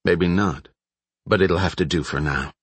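A man voicing a wary, evasive male gunrunner in an audiobook, in a guarded, measured tone. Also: sits low, breathy edge, no echo.

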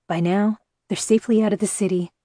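A woman reading the lines of a grim, pragmatic male captor who talks in a steady, matter-of-fact way. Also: medium pitch, a little fast, dry recording, clean studio sound, close to an everyday voice. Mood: cold.

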